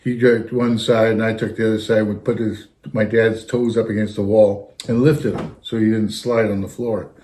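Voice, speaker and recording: Man, old fire captain type, low voice, rambling anecdote teller who keeps coming back with "anyhow". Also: level tone, normal speed, few pauses, mellow. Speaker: retired fire captain telling stories. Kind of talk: casual storytelling.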